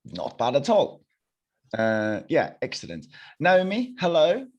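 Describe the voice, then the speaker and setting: A young man teaching a live online language class over a video call, encouraging and repeating phrases slowly. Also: on the high side, huge pitch swings, darkish tone, muffled recording.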